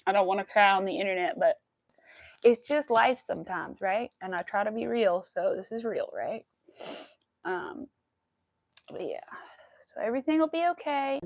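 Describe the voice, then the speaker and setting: Emotional woman with a gravelly voice. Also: medium pitch, animated, moderate pace, long pauses, no echo, highs cut off. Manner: rambling with many fillers. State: emotional, near tears. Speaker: crochet livestream host. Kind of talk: casual live stream chat.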